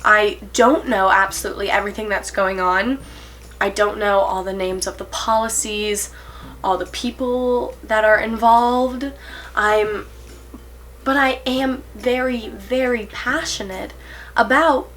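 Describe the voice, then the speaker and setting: Earnest, bright-voiced eighteen-year-old woman. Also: medium pitch, fairly even intonation, unhurried. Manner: earnest, nervous, rambling with fillers and self-corrections; giggly, self-conscious laughs. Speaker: vlogger. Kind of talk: casual to-camera vlog.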